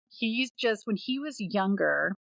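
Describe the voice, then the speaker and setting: A woman's voice: mid-range voice, slow, creaky, no room sound, rough recording. Woman telling spooky stories on a podcast. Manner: animated storyteller, acts out quoted voices. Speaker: podcast co-host. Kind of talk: casual storytelling chat.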